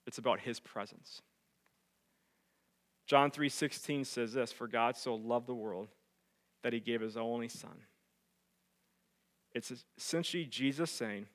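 A male pastor preaching, dropping to hushed tones and rising to loud emphatic peaks as he tells a story. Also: mid-range voice. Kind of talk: sermon.

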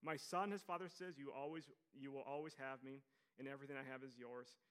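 A man preaching a sermon to a congregation, reading scripture softly and then speaking out with animated emphasis and asides to the listeners. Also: medium pitch, brisk, clear, resonant tone. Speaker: pastor.

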